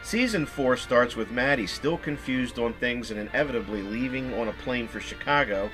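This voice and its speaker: A man's voice: medium pitch, moderate pace, music in the background, rough recording. A man narrating a fan documentary in a scripted but chatty way.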